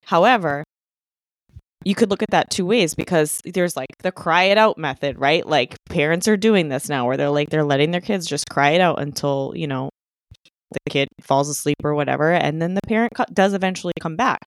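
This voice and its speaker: A woman's voice: low-pitched, fairly quick, no echo, clean studio sound. A woman co-hosting a podcast, explaining ideas step by step and checking in with her listener. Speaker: podcast co-host. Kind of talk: casual conversation.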